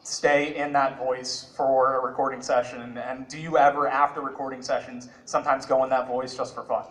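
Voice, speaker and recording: A man's voice: mid-range voice, flat delivery, normal speed, a bit bright. A man in the audience asking a panel a question in a hesitant, giggly way. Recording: echoey hall mic with faint noise.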